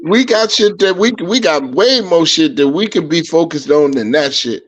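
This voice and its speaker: A man hosting a podcast, talking in casual chat and telling stories in a profane, animated way, acting out what people said. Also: on the high side, moderate pace. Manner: animated, profane, acts out quotes. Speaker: podcast host. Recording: dull lo-fi stream audio.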